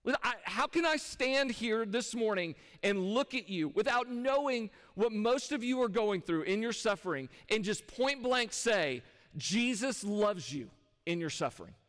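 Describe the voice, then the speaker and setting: A man's voice: high voice, expressive, measured pace, a bit bright. A man preaching a sermon from the front of a church, talking in a conversational way and firing rhetorical questions at the congregation. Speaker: pastor. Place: church sanctuary. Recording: long hall reverb.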